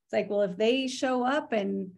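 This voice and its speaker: A woman's voice: on the high side, normal speed, gravelly, a little mellow. A woman hosting a casual team video call, talking in a gushing, enthusiastic, chatty way.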